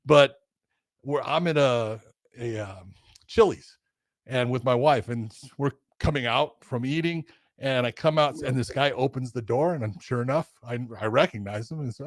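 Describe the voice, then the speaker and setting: An older man co-hosting a podcast who tells stories in a casual, animated way, swearing now and then and acting out the voices of the people he quotes. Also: mid-range voice, moderate pace, no room sound, studio quality. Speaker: podcast co-host, former referee. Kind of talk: casual storytelling chat.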